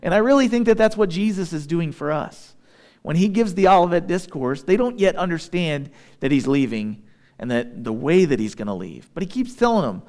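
Conversational preacher, man, slightly high voice. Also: very animated, moderate pace, darkish tone. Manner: conversational, checks in with listeners. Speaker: pastor. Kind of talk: sermon.

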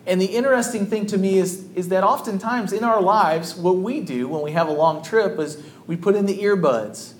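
A man's voice: high-pitched, moderate pace, hardly any pauses, reverberant, a little hiss or hum. A man, a pastor, preaching a sermon in a conversational, storytelling way to a congregation.

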